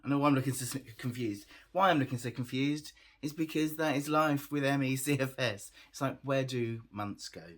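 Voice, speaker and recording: In a mid-range, somewhat bright voice, a tired man chats to his camera as a vlogger at normal speed with hardly any pauses. He laughs frequently, makes fun of himself, and trails off now and then.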